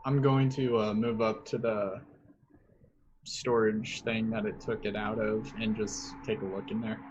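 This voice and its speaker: A man's voice: lowish voice, level tone, measured pace. A laid-back man playing a tabletop game who laughs easily. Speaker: player. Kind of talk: casual tabletop play. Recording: dull lo-fi mic with faint noise.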